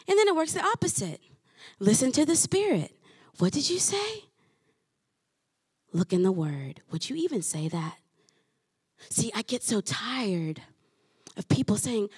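A woman pastor delivers a lively sermon and acts out the voices of her listeners. Her voice is high and a little husky, and it leaps up and down in pitch. The sound is dry, with no room echo. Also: normal speed, pauses often. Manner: animated, acts out listeners' voices with rising exclamations.

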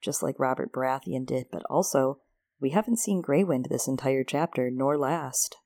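A woman's voice: extremely low pitch, normal speed, dark tone. A woman co-hosting a casual book discussion podcast, wry and joking. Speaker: podcast co-host.

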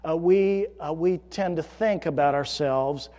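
A man preaching a sermon as pastor, earnest, swelling into emphatic storytelling and dropping to a hush. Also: fairly high pitch, measured pace, in a large hall, highs cut off. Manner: earnest, rising to emphatic storytelling then hushed.

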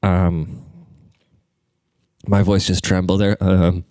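A man's voice: deep voice, flat delivery, slow, dark tone, smooth, no room sound. Congested man in a crude, rambling rant. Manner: crude, rambling, swears constantly. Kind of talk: casual profane rant.

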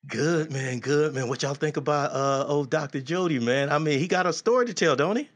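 A man hosting a casual talk show, animated and jokey, repeating his thanks. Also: fairly high pitch, fairly quick. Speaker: show host.

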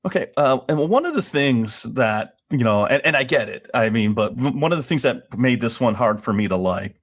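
A man co-hosting a podcast, casually talking through a TV episode in a hesitant, halting way with a wry edge. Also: medium pitch, lively intonation. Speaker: podcast co-host. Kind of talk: casual chat reviewing a TV episode.

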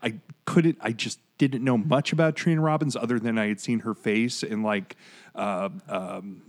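A man's voice: medium pitch, steady tone, normal speed. Chatty man in his forties hosting. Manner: chatty, digressive, easygoing. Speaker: podcast host. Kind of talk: casual chat, announcing award winners.

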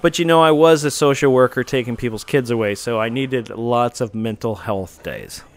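A man's voice: medium pitch, normal speed. Dry joking male talk-show host. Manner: dry, joking, reads out rules mockingly. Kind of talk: casual talk show banter.

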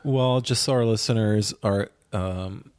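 Low-voiced man with a phlegmy throat. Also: unhurried, a little mellow, clear, resonant tone, no room sound. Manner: dry, joking asides. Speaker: podcast co-host. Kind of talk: casual podcast chat.

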